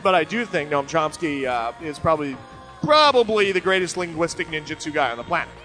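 A man's voice: a little fast, soft background music, low-quality recording. A middle-aged man hosting a show, rambling casually and sarcastically as he answers listener emails. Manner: joking, sarcastic, animated with sudden pitch jumps.

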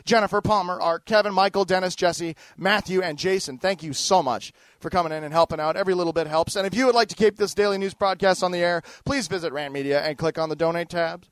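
A man's voice: sits high, quick pace, hardly any pauses, no room sound. A middle-aged man hosting a daily news show, ranting angrily and swearing emphatically as he reads stories and plugs products. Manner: angry, profane, emphatic. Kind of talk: profane ranting news commentary.

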